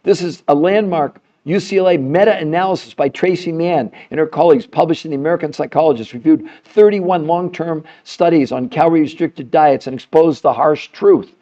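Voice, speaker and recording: A man's voice: fairly high pitch, a little fast, few pauses, mellow, muffled recording. A man hosting a live health stream, talking with indignation, laughing in disbelief and firing rhetorical questions at his viewers. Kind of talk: heated livestream monologue.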